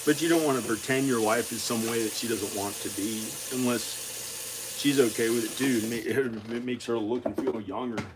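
Rambling man with a noisy home recording. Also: mid-range voice. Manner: rambling, halting, repeats himself. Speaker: vlogger. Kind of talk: rambling casual vlog. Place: home kitchen.

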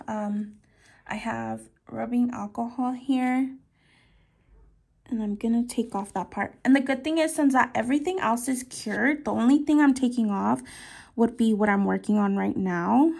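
A young woman talking softly through her nail art work, often trailing into whispers as she concentrates. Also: on the high side, fairly even intonation, vocal fry. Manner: slow, soft-spoken, often trailing into whispers while concentrating. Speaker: nail artist vlogger. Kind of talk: casual work-along narration.

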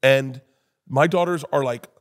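A man, a comedian guest on a podcast, telling loud rambling stories, acting out other people's voices and laughing often. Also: mid-range voice, a little slow. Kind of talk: casual podcast storytelling.

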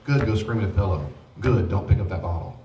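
Deep-voiced fast-talking man teaching a class. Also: animated, background noise. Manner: folksy, joking, acts out short quoted exchanges. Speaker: pastor teaching a grief class. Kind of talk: informal church teaching. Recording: roomy hall, voice from a distance.

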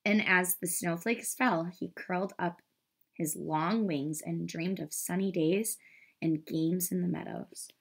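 Teacher lady reading a kids' picture book real slow and careful. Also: lowish voice, fairly even intonation, vocal fry, breathy edge.

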